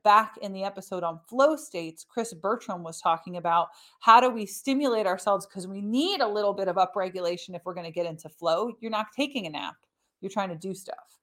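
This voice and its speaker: Brief: middle-aged female podcast host, mid-pitched voice, chatty explainer tone. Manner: lively, conversational teaching with asides.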